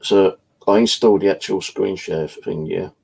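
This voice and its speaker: A man's voice: low-pitched, moderate pace, creaky, a little mellow, breathy edge, low-quality recording. A British man telling a story in a casual, blunt way, swearing freely as he talks. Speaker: channel host.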